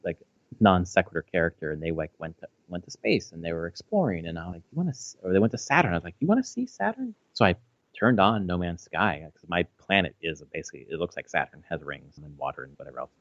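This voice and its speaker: A man in his thirties co-hosts a podcast, chatting casually and rambling with lots of fillers, restarts and free swearing. His voice sits low and fast with a fairly bright tone, and the audio is dry and slightly dull.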